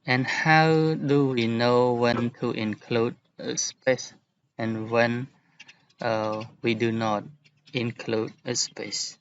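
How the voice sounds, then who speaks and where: Slow, patient male English teacher. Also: mid-range voice, fairly even intonation, lo-fi sound, slight background noise. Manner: slow, explaining patiently with examples. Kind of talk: recorded classroom lesson.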